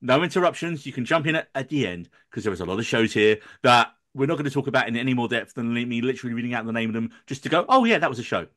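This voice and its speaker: A man hosting a casual podcast, reading a list of shows at a quick clip with blunt asides. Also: mid-range voice, fairly bright tone. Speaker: podcast host.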